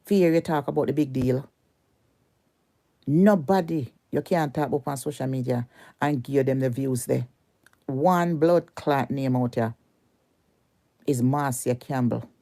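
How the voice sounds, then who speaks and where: A woman's voice: very deep voice, unhurried, long pauses, mellow. A Jamaican woman delivering a heated, cursing rant at a rival on social media, repeating her insults over and over.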